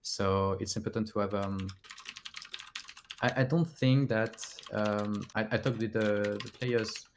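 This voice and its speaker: A man with a French accent, a player answering post-match interview questions in halting English and often searching for words. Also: lowish voice, steady tone, a little hiss or hum.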